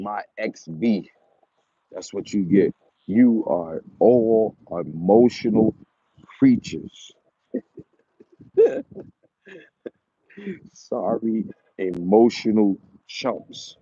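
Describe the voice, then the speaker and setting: A dog breeder rants at his viewers in a taunting, repetitive, mocking way, chuckling as he goes. His fairly low voice is warm and slightly rough, slow with frequent pauses, in a dull lo-fi recording with no echo.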